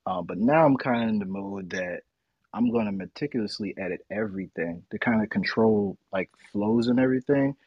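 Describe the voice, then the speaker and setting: A man co-hosting a podcast, chatting casually as a reflective, lively storyteller. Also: on the low side, a little fast, husky, dry recording. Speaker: podcast co-host. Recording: dry, dull lo-fi sound.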